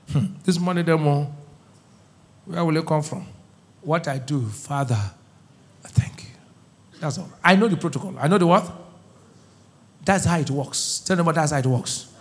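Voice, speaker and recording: Brief: middle-aged male pastor, high voice, call-and-response sermon, soft asides to shouts.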